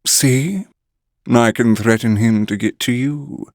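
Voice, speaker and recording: A male narrator voicing a cruel, mocking male vampire who taunts in slow, purring menace. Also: medium pitch, darkish tone, dry recording, studio quality. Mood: taunting.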